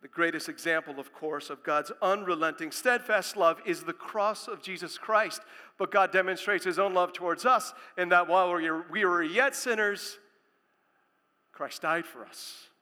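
Emphatic high-voiced preacher in a reverberant hall. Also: male voice, normal speed. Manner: emphatic preaching, builds to loud proclamations. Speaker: pastor. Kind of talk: sermon.

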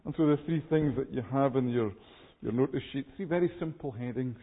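A man preaching a sermon earnestly, often halting and repeating words as he builds each point. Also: medium pitch. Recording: tinny phone-like sermon recording.

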